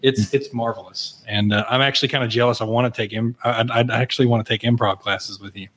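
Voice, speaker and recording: A man's voice: mid-range voice, steady tone, quick pace, a bit bright. A man hosting a casual cigar podcast, joking and playful with his co-hosts. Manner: joking, playful, puts on silly voices. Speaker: podcast host. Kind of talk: casual banter.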